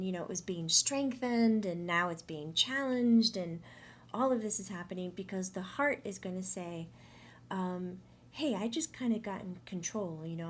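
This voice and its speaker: A woman's voice: mid-range voice, slight background noise. Chatty woman giving a spiritual talk. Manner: chatty, animated, acts out quoted inner voices. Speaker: medium. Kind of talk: monthly energy update talk.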